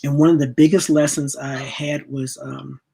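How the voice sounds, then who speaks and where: A woman's voice: a bass voice, little pitch movement, moderate pace, vocal fry, warm tone, breathy edge. A middle-aged woman telling a personal spiritual story in a rambling way, repeating words and acting out the voices she quotes. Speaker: speaker sharing a spiritual lesson.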